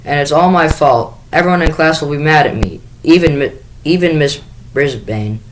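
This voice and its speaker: A man's voice: medium pitch, animated, moderate pace, slight background noise, lightly acted, low-quality recording. A man reading aloud, voicing an earnest, emotional young girl in a raised, girlish tone. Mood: distraught.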